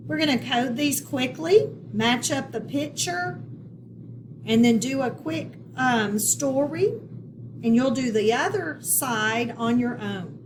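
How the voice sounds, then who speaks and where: A woman teacher giving a step-by-step phonics lesson to children, speaking slowly and clearly. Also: high-pitched, lively intonation. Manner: slow, clear, step-by-step instruction. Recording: echoey room, far from the mic, noisy.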